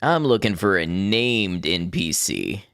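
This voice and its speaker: A man's voice: low voice, very animated, slow pace, vocal fry, a bit bright, clean tone, no room sound, clean studio sound. A man casually commenting on his game as he plays, thinking aloud and chuckling often. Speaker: gaming streamer. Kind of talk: casual let's-play commentary.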